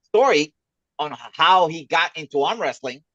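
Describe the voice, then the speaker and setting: A man hosting a casual livestream interview, welcoming guests with halting, repeated words. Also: on the high side, animated, pushed and bright, no room sound, highs cut off. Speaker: host.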